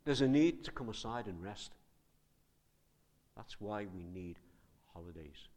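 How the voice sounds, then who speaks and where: A man preaching a sermon in a conversational, animated way, asking his listeners many questions. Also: on the low side, measured pace.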